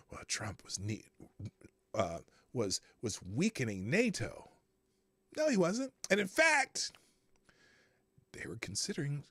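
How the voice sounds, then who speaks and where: Guy doing a live political show, sarcastic and sweary, kinda high voice, dry mic. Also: creaky, no echo. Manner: animated, sarcastic and profane. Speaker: host. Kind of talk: political commentary livestream.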